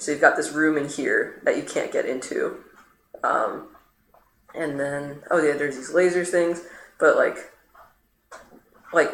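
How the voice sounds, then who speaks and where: A streamer talks loosely over gameplay, piling up fillers and restarts with sudden leaps in pitch. The voice sits in a middle register. It rings in a roomy space with a faint hiss behind it. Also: gravelly, a bit bright. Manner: rambling, many fillers, sudden pitch jumps. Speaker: streamer playing the game. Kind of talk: casual chat over gameplay. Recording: roomy echo, faint noise.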